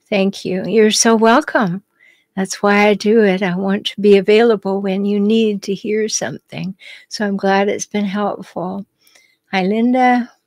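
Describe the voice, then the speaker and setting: A woman in her sixties talks to her viewers in a gentle, reassuring tone, reading their comments aloud and answering each one. Her voice sits at an ordinary pitch. It is recorded close, with a dry sound and no room echo. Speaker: podcast host reading live comments. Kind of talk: live-stream chat with viewers.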